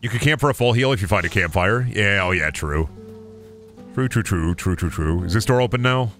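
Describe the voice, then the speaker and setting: A man's voice: on the low side, animated, a little fast, a bit bright, faint music behind. A man streaming a video game and commenting live, talking in a profane, repetitive, often exasperated mutter.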